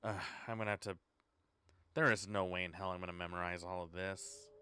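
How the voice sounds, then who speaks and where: A man's voice: deep voice, fairly even intonation, a little fast, bright, forceful tone, slight background noise. A man streaming a horror game, thinking aloud in a sarcastic, swearing way. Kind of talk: casual horror game let's play.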